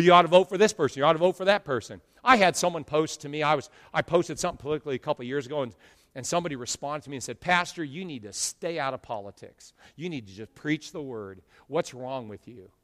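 A man preaching a sermon as pastor, with loud emphatic swells and drawn-out phrases. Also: on the high side, long reverb tail. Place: church sanctuary.

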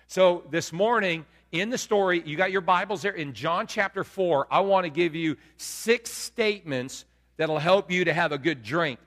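A man preaching a lively sermon to his congregation, asking them questions as he goes. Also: fairly high pitch. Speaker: pastor. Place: church sanctuary. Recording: long hall reverb.

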